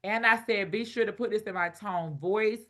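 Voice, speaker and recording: A woman, teaching an online business masterclass in a playful, loud, slangy way. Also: mid-range voice, moderate pace.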